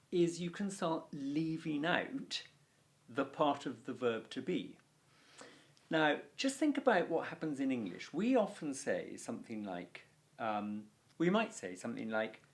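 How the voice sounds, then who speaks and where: A man teaching a Latin video lesson, explaining grammar clearly and stressing key words with deliberate pauses. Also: mid-range voice.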